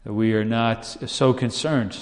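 A man's voice: medium pitch, fairly even intonation, measured pace. A man preaching a sermon in a conversational way, often asking "right?" and acting out the people in his stories. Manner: conversational, asks "right?" often, acts out quoted voices. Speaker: pastor. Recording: long hall reverb.

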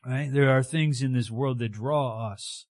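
A man preaching a conversational, animated sermon who keeps checking in with his listeners. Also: mid-range voice, a little slow, no room sound, studio quality.

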